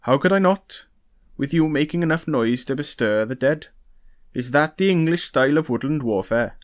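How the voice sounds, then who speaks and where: A man's voice: mid-range voice, animated, normal speed, dry recording, close to an everyday voice. A man reading aloud, voicing a playful, mocking young nobleman who drawls his jokes.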